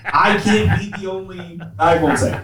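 A man hosting a casual podcast chat, talking in an animated, emphatic way with big jumps in pitch. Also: normal speed, crowd noise. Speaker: podcast host. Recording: echoey room, distant mic.

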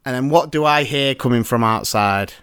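A man in his thirties hosting a podcast, telling an animated story in casual chat. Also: mid-range voice, normal speed, clean tone, no echo, clean studio sound. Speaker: podcast host. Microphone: remote call.

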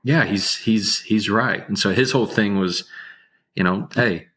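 Calm low-voiced man, husky and soothing. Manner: slow, measured, unhurried speech. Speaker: guest, attorney. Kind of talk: casual interview talk.

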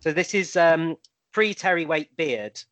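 A man's voice: fairly high pitch, animated, measured pace, fairly bright tone. A man on a chat panel, telling an anecdote with plenty of ums and hesitations. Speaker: panel guest.

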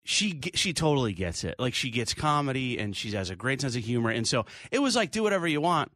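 A man's voice: mid-range voice, fairly quick, dry recording, studio quality. A man who is a comedian, telling stories in casual chat and acting out the people he quotes. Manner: animated, acts out quoted voices. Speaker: comedian guest.

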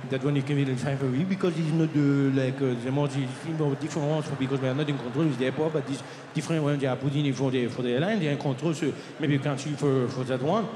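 A comedian voicing a flustered older French information-desk man who speaks halting, broken English, performed live in a large hall. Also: medium pitch, steady tone, background noise, natural voice. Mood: fumbling helpful.

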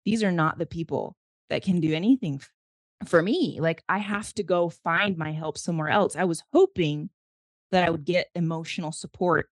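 Her voice sits on the low side and keeps a normal speed in a dry recording. The thirtysomething mother of a special-needs child, a podcast guest, gives a candid, earnest and reflective retelling that turns emotional.

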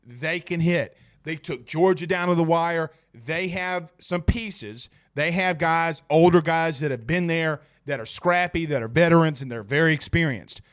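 A man hosting a sports podcast, talking casually and with animation, joking and addressing his listeners directly. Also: a little high. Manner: animated, jokey, talks straight to listeners.

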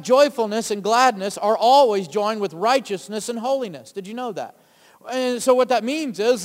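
High-voiced preacher in a reverberant hall. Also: male voice. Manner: rousing, calls for amens and asks the crowd questions. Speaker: pastor. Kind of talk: sermon. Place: church sanctuary. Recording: long reverb of a church hall.

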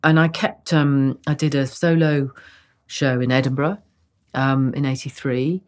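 A woman in her sixties, a guest in a relaxed interview, talking in an animated way with restarts and wry self-mockery. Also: very deep voice, measured pace. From Britain. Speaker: guest actress.

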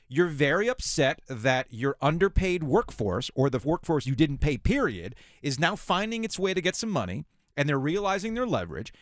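Brief: male sports talk host, sarcastic and fired up, lively pitch, dry studio sound. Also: dry recording. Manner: sarcastic, ranting, mocking voices of officials.

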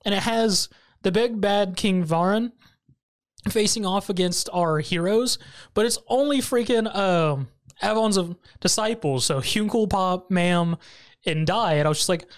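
A podcast host recapping an anime episode in casual chat, animated and often laughing, with sudden high-pitched jumps when amused. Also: measured pace.

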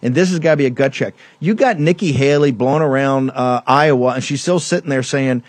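Casting note: male talk host, combative and emphatic, mid-pitched, close dry studio sound. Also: a little fast, no room sound. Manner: emphatic, combative, rambling with restarts. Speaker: show host. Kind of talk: political talk show rant.

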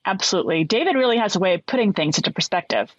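A woman's voice: mid-range voice, expressive, racing, husky, no echo, muffled recording. A woman co-hosting a podcast, speaking in an earnest, friendly way. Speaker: podcast co-host. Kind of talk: podcast intro and casual chat.

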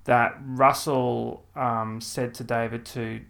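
A man's voice: medium pitch, little pitch movement, takes it slowly, gravelly, fairly bright tone. A man from New Zealand hosting a podcast, talking in a wry way and laughing between points. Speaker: podcast host. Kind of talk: casual chat.

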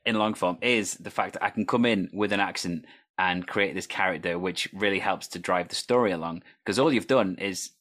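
A man with a low voice, a teacher who also does improv, speaking in casual conversation. He talks fluently and tells stories as he goes. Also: brisk, fairly bright tone. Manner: fluent, anecdotal storytelling. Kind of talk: casual chat.

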